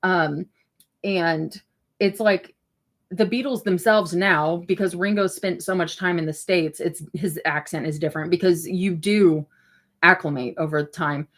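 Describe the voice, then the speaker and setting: A woman's voice: on the low side, measured pace, a bit bright. A woman hosting a casual livestream and chatting loosely as she reacts to viewer comments, rambling with lots of fillers and the odd swear. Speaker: livestream host.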